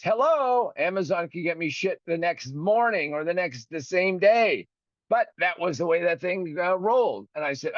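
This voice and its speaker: A man's voice: a little high, lively intonation, normal speed, no echo. A man hosting his own show, ranting with profanity and indignation and acting out both sides of a phone call. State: recovering from a broken finger. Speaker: podcast host. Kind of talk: ranting monologue.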